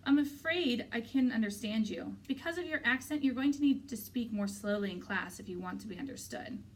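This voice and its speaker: A polite, measured schoolteacher who talks down with gentle pity, voiced by a woman reading aloud. The voice sits fairly high. It is picked up from a little distance. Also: expressive, lightly acted. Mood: patient. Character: patient, gently pitying female schoolteacher. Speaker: teacher character.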